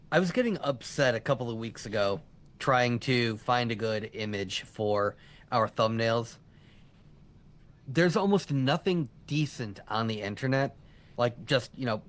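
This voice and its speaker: Regular guy chatting on a live show, easygoing, mid voice. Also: medium pitch. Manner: relaxed, chatty, with short backchannels. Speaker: podcast co-host. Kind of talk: casual chat.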